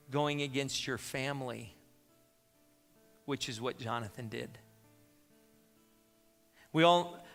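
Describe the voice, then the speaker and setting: A man's voice: a little high, a bit bright, big-room sound. A man preaching a sermon as pastor, in an emphatic, conversational way with asides to the congregation. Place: church sanctuary.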